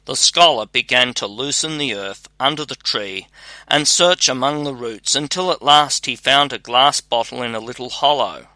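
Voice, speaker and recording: A man giving a measured, scripted narration of a fairy tale. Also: medium pitch, pushed and bright, dry recording.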